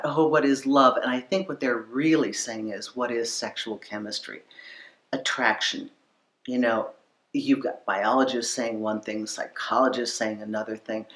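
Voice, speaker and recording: A woman hosting a relationship advice show, answering a listener's letter in a conversational, emphatic way, with sudden loud bursts and quiet asides. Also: extremely low pitch. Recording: echoey room.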